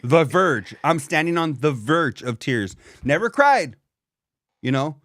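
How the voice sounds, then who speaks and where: A man co-hosting a podcast in animated, profane casual chat, calling his friend "dog". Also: a little high, measured pace, dry recording, clean studio sound. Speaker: podcast co-host.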